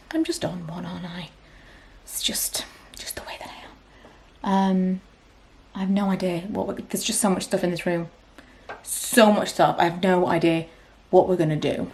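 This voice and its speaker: Breathless, a vlogger in her thirties talks frankly to the camera at home, occasionally lowering her voice to a whisper. Her voice is medium-pitched and a little mellow.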